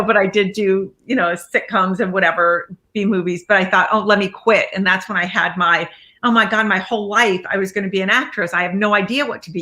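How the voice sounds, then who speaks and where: A woman with a bright, forceful voice tells her personal story as a guest life coach. She is animated, laughing often and acting out the voices of the people she quotes. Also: mid-range voice. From Iraqi family background, raised in America. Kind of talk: casual storytelling interview.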